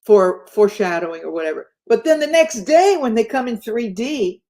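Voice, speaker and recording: Animated woman telling a story. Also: fairly high pitch, moderate pace. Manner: animated, acts out the voices in her stories. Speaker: guest. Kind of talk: telling a personal story in conversation.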